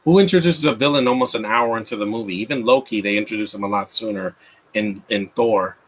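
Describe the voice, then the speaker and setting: A man's voice: lowish voice, fast, breathy edge. A man in his thirties giving a rambling, mocking live commentary over a movie, with frequent restarts. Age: 30s. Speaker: film commentator.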